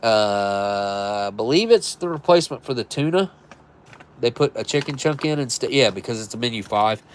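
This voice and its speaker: A man's voice: mid-range voice, animated, moderate pace, a little hiss or hum. A man hosting a live stream, chatting casually and rambling as he thinks aloud and corrects himself. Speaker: live stream host reviewing military rations.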